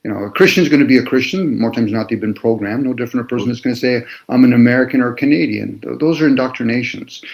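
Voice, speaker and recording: A man in casual chat, explaining his ideas in a slow, lecturing way and playing with the meanings of words. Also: mid-range voice, lo-fi sound.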